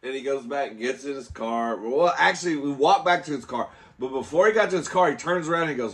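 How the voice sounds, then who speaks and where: A man's voice: a little high, lively intonation, fairly quick, a bit bright. A man vlogging, telling a story in a flamboyant way, calling the listener "girl" and acting out the other people in it. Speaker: mukbang vlogger. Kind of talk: storytelling vlog. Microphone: phone camera.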